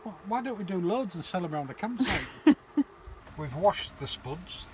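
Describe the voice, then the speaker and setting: A man's voice: high voice, very animated, moderate pace, background noise. A man in a camper van joking and mock-grumbling while he cooks on camera. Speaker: vlogger cooking in a camper van. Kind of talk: casual chat. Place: camper van outdoors at a campsite.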